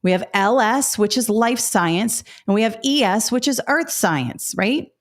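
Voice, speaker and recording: A woman's voice: fairly high pitch, lively intonation, a little slow. A middle-aged woman hosting a live teaching webinar, talking directly and casually with frequent fillers. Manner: chatty, direct, many fillers and asides. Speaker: education webinar host.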